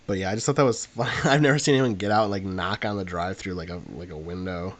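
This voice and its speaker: A young man with a deep voice talks fast as he co-hosts a podcast. His long, wandering anecdote in casual chat is full of fillers.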